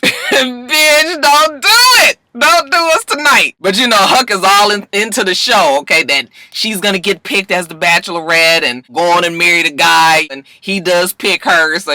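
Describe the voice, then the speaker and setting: Sassy woman recapping TV, very bright voice. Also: deep voice, no room sound. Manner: sassy, chatty storytelling with frequent "okay?"; acts out characters' lines in shifting voices. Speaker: TV review vlogger. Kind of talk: casual episode recap.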